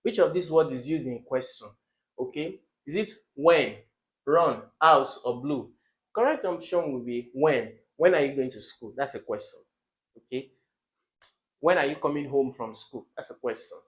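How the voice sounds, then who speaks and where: A young man with a mid-range voice teaches an exam-prep lesson for kids at a normal speed. He poses questions and answers them himself, suddenly getting loud to stress key words.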